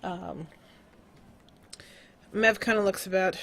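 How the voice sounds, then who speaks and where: A woman's voice: medium pitch, unhurried, a bit bright. A woman narrating as game master of a tabletop game, casual and loose, with frequent fillers.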